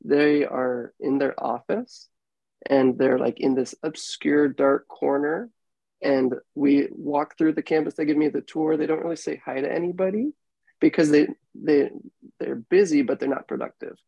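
Young guy hosting a podcast, kinda gravelly and warm, rambles, dry close mic. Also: a little high, steady tone, moderate pace, no room sound, muffled recording. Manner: rambling, filler-heavy, laughs easily. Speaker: podcast host. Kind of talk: casual interview chat.

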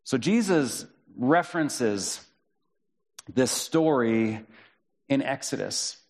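Guy pastor giving a sermon, chatty and casual, gets animated reading out the quotes, middle pitch voice. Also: slow. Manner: conversational, reads and paraphrases scripture with animated quoted voices.

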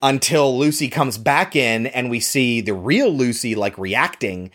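A man co-hosting a podcast, casually recapping a movie plot in an animated way, swearing now and then. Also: medium pitch, unhurried. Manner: animated storytelling, swears, acts out lines. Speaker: podcast co-host.

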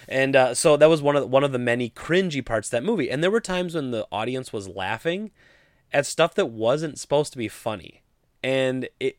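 Guy ranting about a movie he found cringy, mid pitch, dry close sound. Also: no echo. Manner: opinionated, exasperated critique. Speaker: movie reviewer. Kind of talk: casual spoken movie review.

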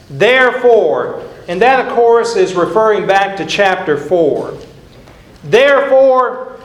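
An older preacher delivers a sermon in a high voice, pacing his words slowly and deliberately. He is earnest and emphatic, leaning on repetition, and the sound rings through an echoey sanctuary.

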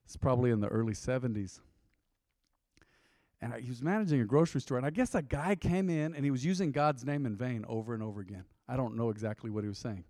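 A man's voice: mid-range voice, fast talker, dark tone, dry recording, clean studio sound, long reverb tail. A man preaching a sermon to a congregation in a folksy, conversational way, often slipping into quoted asides. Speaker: pastor. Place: church sanctuary.

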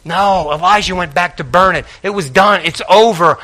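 Male preacher giving a sermon, bright ringing voice, kinda high, calls out to the church. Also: moderate pace, few pauses. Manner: emphatic, calls out to the congregation.

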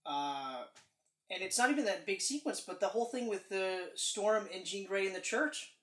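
Casual male podcast co-host, animated and profane, recorded in an echoey room. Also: high-pitched, moderate pace. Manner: animated, swearing, excited retelling. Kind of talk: casual movie chat.

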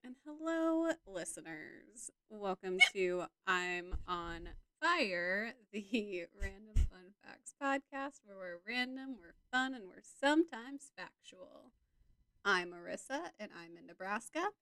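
A woman's voice: medium pitch, lively intonation, takes it slowly, pushed and bright, smooth, no room sound. A woman co-hosts a casual chat podcast, taking her time with each thought. She is playful and giggles often as she rambles. Her voice sits close and dry on the mic. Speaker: podcast co-host.

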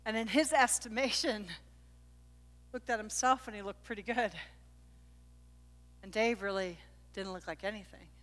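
A bright, clear-toned woman preaching to a congregation, her voice carrying through a large reverberant church hall. She is middle-aged and tells her stories with lively, animated energy. Her voice sits a little high. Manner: animated storytelling, voice leaps up at high points. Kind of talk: sermon with personal story.

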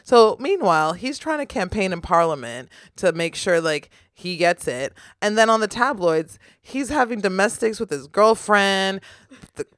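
A woman's voice: mid-range voice, lively intonation, normal speed, dry recording. Woman, podcast co-host, rambling casual chat, dry sound. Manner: rambling, many fillers, laughing.

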